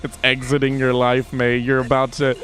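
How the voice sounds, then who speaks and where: A man's voice: medium pitch, completely flat delivery, moderate pace, fairly bright tone, faint music behind. A man running a tabletop game as game master, describing scenes vividly and at length with plenty of fillers.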